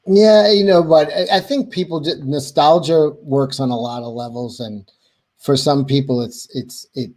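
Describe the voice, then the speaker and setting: A man chatting casually as a co-host on a livestream, halting and swearing often. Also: a little high, a little mellow. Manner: halting, profane, with many restarts.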